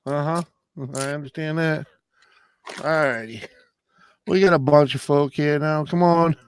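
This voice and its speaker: A man's voice: fairly high pitch, a little slow, a little hiss or hum. A man hosting a casual late-night live chat, laid-back and drawling, greeting viewers by name while coming down with a cold. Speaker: live stream host.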